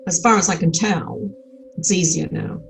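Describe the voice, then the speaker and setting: A woman's voice: fairly low pitch, moderate pace, gravelly, noisy background. An older woman from Australia with an Australian accent, chatting frankly and cheekily as an interview guest, full of restarts. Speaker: actress and podcast guest. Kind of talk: casual interview chat.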